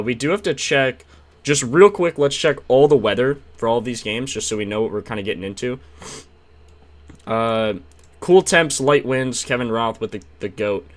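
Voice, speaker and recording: Excitable young man live-streaming. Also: mid-range voice. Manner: excitable, slangy, reads chat and shouts out subscribers; frequent fillers, trails off into mumbles. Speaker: sports betting streamer. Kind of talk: casual live-stream chat.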